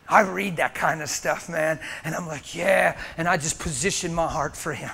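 High-voiced impassioned man preaching. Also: moderate pace, vocal fry, slightly rough. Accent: American. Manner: impassioned, swinging from loud urging to hushed. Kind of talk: sermon. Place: church sanctuary.

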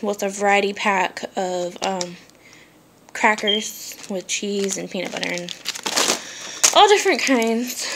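A woman's voice: medium pitch, noisy background. A woman vlogger chatting casually as she shows her grocery haul, filling her talk with ums and asides. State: briefly out of breath. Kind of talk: casual chat.

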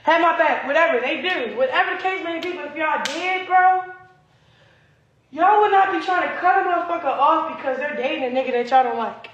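A woman's voice: high voice, fairly quick, roomy sound, highs cut off. A young woman in a rambling, agitated and profane livestream rant, recorded on a phone.

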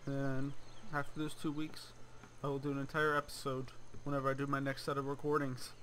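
A man's voice: mid-range voice, completely flat delivery, brisk, fairly bright tone, a little hiss or hum, rough recording. A young adult man hosting a let's play, giving gameplay commentary with theatrical, mock-villainous declarations.

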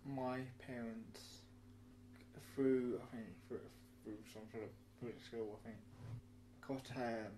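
A man vlogging to camera, his speech slurred, slow and halting with restarts. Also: medium pitch, steady tone, mellow, a little hiss or hum, poor audio. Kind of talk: casual talking to camera.

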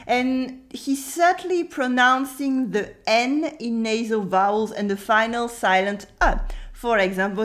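A French native woman teaching in a video lesson, explaining clearly and slowly repeating example words. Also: on the high side.

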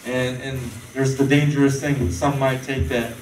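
A man's voice: medium pitch, flat delivery, normal speed, a little mellow, slight background noise. A man preaching an informal sermon, rambling and conversational with many fillers and restarts. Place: church hall. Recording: echoey room, voice from far off.

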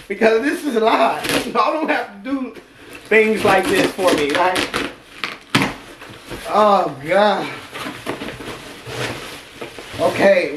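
A man with an Ohio accent unboxing fan mail in a vlog, emotional and exclaiming, repeating himself. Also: sits high. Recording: echoey room, distant mic, background noise.

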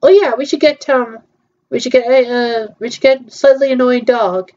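A woman's voice: sits high, fairly even intonation, normal speed, darkish tone, lo-fi sound. A woman chatting casually through a virtual theme-park tour, hesitant and playful, with frequent ums.

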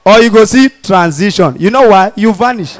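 A high-pitched young man doing stand-up with a Nigerian Pidgin accent. He performs with animated energy and jumps in and out of characters. It sounds like a handheld mic on a comedy stage. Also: normal speed. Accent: Nigerian Pidgin English. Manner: animated, mimics characters, shifts between Pidgin and Yoruba. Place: stage in front of a live audience.

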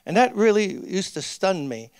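Male pastor, conversational sermon, high voice, dry close sound. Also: sing-song, moderate pace, clean tone, dry recording. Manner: earnest and conversational, with emphatic repeated appeals. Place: church, speaking to a gathering of ministers.

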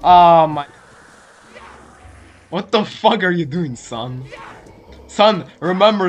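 A fairly high-pitched man talking over a game, his voice swinging wildly up and down. He drawls his words slowly, swears freely and throws "bro" into nearly every line. Faint game music plays underneath. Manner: excitable, swears often, constantly says "bro". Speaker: gaming video creator. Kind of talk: live gameplay commentary.

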